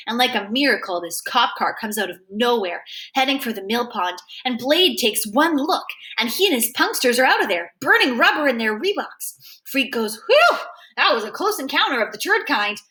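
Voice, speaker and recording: A woman reading a novel aloud, telling a first-person story in a lively, expressive way. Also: fairly high pitch, normal speed. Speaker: reader.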